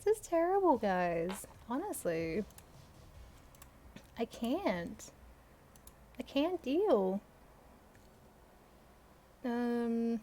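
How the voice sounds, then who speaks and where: Slightly high and expressive, this channel host takes her time and pauses often while reading the fan fiction she wrote as a teen. She ridicules it with sarcastic, self-deprecating remarks and frequent laughter.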